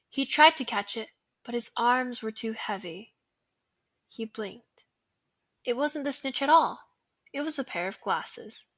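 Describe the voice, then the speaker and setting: A young woman, a student and guest reader, reading a novel aloud in an expressive, dramatic way. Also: fairly high pitch. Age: teens or young adult.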